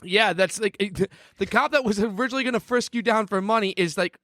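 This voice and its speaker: A man's voice: sits high, fast talker, a bit bright, dry recording, studio quality. A man riffing jokingly on a friend's story during a casual podcast chat. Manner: joking, reacts and riffs on the story. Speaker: podcast co-host. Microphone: studio mic.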